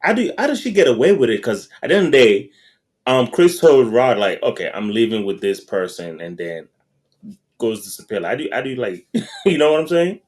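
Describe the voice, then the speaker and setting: A man with a lively, swooping voice reacts to his co-host's film recap with quick comments and laughs. His delivery is casual and conversational. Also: mid-range voice. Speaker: podcast co-host. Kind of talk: casual movie discussion.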